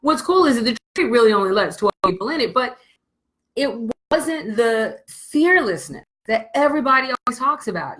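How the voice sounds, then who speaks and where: Blunt, animated woman business coach. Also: fairly high pitch, moderate pace, poor audio. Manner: blunt and animated, swears freely. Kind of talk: candid motivational storytelling to camera.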